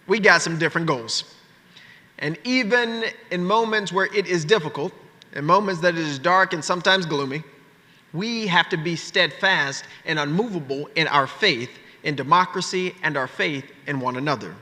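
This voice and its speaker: Man, high ringing voice, rally keynote, fiery call-and-response, long hall reverb. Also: pushed and bright. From Memphis, Tennessee, USA. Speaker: keynote speaker, state legislator. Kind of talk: political rally speech. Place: large conference hall.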